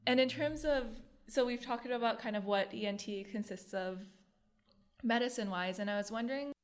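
A woman's voice: a little high, normal speed. A young woman, a medical student hosting a podcast, asking eager, chatty questions. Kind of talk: casual interview questions.

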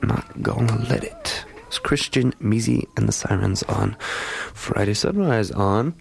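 A man's voice: fairly low pitch, a little slow, creaky, husky, faint music behind. A man hosting a morning show in a radio studio, casually back-announcing songs with lots of fillers. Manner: laid-back, rambling with many fillers. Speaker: radio host.

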